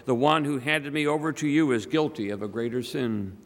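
A man gives voice to a calm prisoner who answers in a quiet, measured way. The long reverb of a church hangs behind the voice. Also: medium pitch, natural voice. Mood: solemn.

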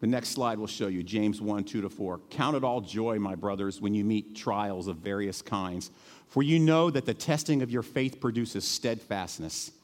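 A middle-aged male pastor preaching a sermon in a church, earnest and emotional, dropping to hushed tones and then rising to emphatic peaks. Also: fairly low pitch, normal speed, long reverb tail. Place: church sanctuary.

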